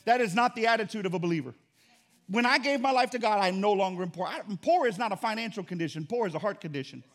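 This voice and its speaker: A man with a high-pitched voice preaches a sermon from the pulpit. He builds his points through repetition and swings between loud, emphatic lines and quieter asides. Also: animated, fast. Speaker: pastor. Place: church.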